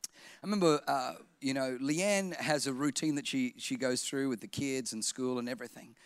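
A man preaching a sermon as a pastor, telling humorous stories with lively energy and now and then breaking into shouts. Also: mid-range voice, normal speed, no echo. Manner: animated humorous storytelling, bursts into shouting.

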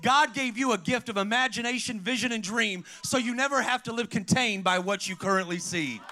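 A middle-aged pastor preaching an energetic sermon, calling out to the congregation and telling stories. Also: male voice, high-pitched, brisk, slight background noise. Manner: preaching with call-outs to the congregation, storytelling.

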